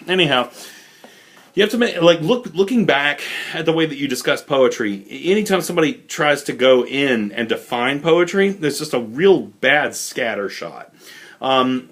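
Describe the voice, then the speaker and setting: A young adult man teaching a recorded college literature lesson in a loose, informal way, with many fillers and asides. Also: medium pitch. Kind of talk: casual recorded lecture.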